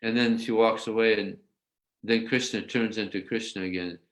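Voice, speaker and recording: A man giving a scripture class, explaining a verse and telling stories in an animated way. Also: fairly low pitch, normal speed. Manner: animated storyteller, acts out voices. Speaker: religious teacher.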